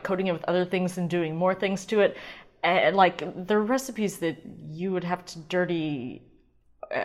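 A woman with a somewhat low voice hosts a casual wine podcast on her own. She rambles and gets distracted, pokes fun at herself, and swears freely as she gushes about what she's tasting. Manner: chatty, rambling, self-deprecating, swears and gushes. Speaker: podcast host. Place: home kitchen.

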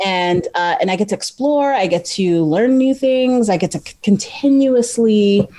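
A woman's voice: mid-range voice, moderate pace, dark tone. A woman guest in a casual interview, talking loosely and laughing easily. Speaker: guest, ultra runner and author.

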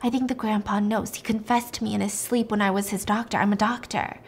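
A woman's voice: mid-range voice, steady tone, fairly quick, a little hiss or hum, close to an everyday voice. A woman voicing a nervous male doctor who stammers and panics. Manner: stammering, frantic.

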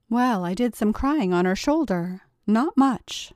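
A woman narrating a first-person story in a quiet, confiding way. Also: mid-range voice, animated, unhurried, few pauses, dry recording, studio quality.

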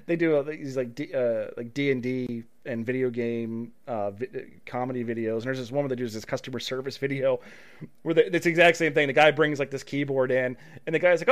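A man's voice: mid-range voice, a little fast. A man co-hosting a podcast, chatting casually and acting out quoted lines with laughter. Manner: animated storyteller, acts out quotes with a laugh. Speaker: podcast co-host. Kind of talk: casual chat.

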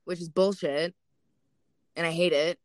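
Young woman, low voice, dry close sound, animated, swears a lot. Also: measured pace, dry recording. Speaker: podcast host. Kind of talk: casual podcast chat.

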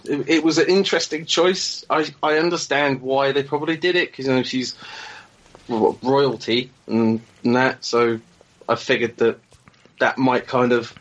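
A man's voice: mid-range voice, fairly even intonation, moderate pace. Enthusiastic, swearing man on a muffled line. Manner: enthusiastic, profane, rambling with restarts. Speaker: podcast roundtable guest. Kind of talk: casual chat.

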